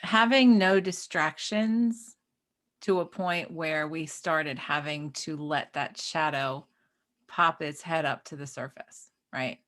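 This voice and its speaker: A woman co-hosting a spiritual talk show, speaking in a relaxed, rambling way and often checking in with "right?". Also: low-pitched, slow pace. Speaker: podcast co-host. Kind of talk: spiritual conversation.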